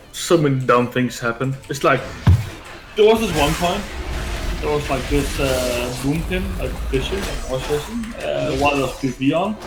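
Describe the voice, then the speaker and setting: A man's voice: mid-range voice, expressive, unhurried. A man telling a gaming story in casual chat, rambling and swearing, with lots of filler words. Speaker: gaming streamer. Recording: echoey room with faint game music.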